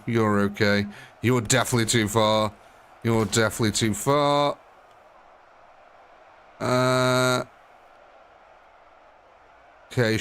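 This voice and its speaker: A man's voice: lowish voice, a bit bright, clear, resonant tone. A man commentating a live strategy game, chatty and thinking aloud, often talking straight to the units on screen. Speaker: gaming streamer.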